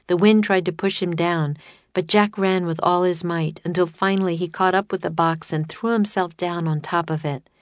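A woman narrating a children's chapter book in a steady, expressive reading. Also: on the low side, normal speed, dry recording. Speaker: audiobook narrator. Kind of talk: scripted storybook narration.

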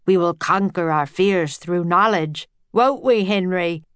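A woman's voice: lowish voice, a little slow, smooth, no echo, natural voice. Pompous old professor, lectures grandly, dry close sound, read by a woman. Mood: lecturing. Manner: grand, lecturing, addresses children as "my dear". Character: pompous older male professor, earnest.

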